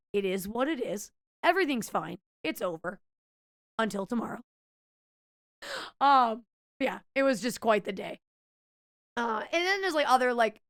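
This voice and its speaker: A young adult woman streamer chatting casually with viewers, telling a story with lots of swearing, quoting herself in a lively way, with a slight stutter. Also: a little high, clean tone, no room sound, studio quality.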